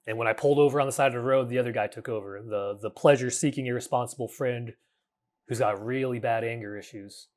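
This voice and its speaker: Earnest, halting man hosting a podcast. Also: mid-range voice, steady tone, darkish tone. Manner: earnest, halting, many restarts, casual swearing. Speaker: podcast host. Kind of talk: reflective solo podcast monologue.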